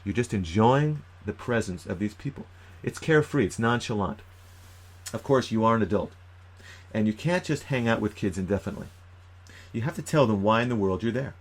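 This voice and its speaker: A man giving an animated, emphatic youth ministry training talk, with sudden loud bursts. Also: on the low side, a little fast. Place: lives in New York.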